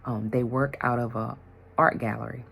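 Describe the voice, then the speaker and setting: Woman vlogger, very deep gravelly voice, animated casual storyteller. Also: moderate pace, slight background noise. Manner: animated storytelling, acts out conversations. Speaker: vlogger, mental health worker and yoga teacher.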